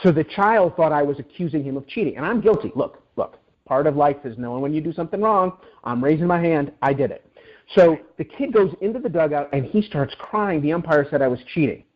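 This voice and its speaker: Man, middle-aged, interview guest, animated, stumbling restarts, higher-pitched, muffled lo-fi sound. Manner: animated, many quick restarts and repeated words. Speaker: guest author. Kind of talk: interview storytelling. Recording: dull lo-fi audio.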